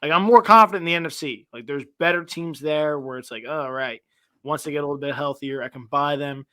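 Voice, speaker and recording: A young man co-hosting a sports podcast, ranting in an animated way with a voice that climbs higher when he gets fired up. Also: a little fast, no echo. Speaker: podcast co-host. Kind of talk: casual sports chat.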